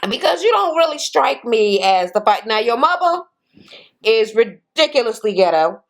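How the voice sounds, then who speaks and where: A woman's voice: on the high side, big pitch swings, moderate pace. A woman recapping a reality show in a casual, chatty way, blunt and swearing freely, with lots of "you know" and "uh".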